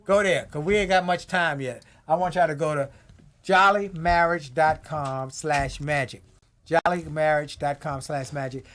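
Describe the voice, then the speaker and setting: Loud, animated man telling a story. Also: on the high side, brisk, few pauses. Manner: loud, playful, laughing as he tells stories. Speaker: guest author and speaker.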